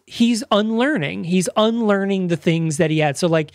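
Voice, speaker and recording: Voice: mid-range voice, moderate pace, no echo, clean studio sound. A podcast host in casual chat, rambling and enthusiastic, with frequent fillers, restarts and swearing.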